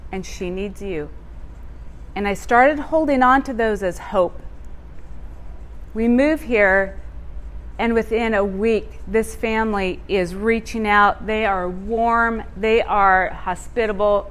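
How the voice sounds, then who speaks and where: A woman telling a personal testimony in a sermon, animated and expressive, laughing as she tells it. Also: on the high side. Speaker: church speaker.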